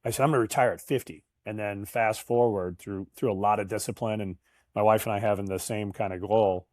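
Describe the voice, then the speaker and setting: A man's voice: lowish voice, flat delivery, brisk, a little mellow, dry recording, clean studio sound. A man in his fifties, a guest in an interview, telling chatty anecdotes with frequent laughs and restarts. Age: 50s. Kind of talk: casual interview storytelling.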